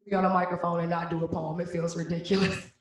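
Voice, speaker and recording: A young woman from Cleveland, Ohio performing spoken-word poetry live, with a rhythmic, punchy delivery and loud emphatic refrains. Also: on the low side, little pitch movement, fast. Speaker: slam poet. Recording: very echoey room, voice from a distance.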